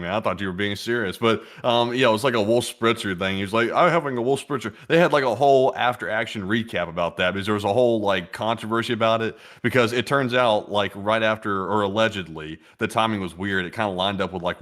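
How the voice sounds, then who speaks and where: A man's voice: lowish voice, fairly bright tone. A man co-hosting a casual livestream, reading viewer messages aloud and rambling with chuckles. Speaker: co-host reading super chats.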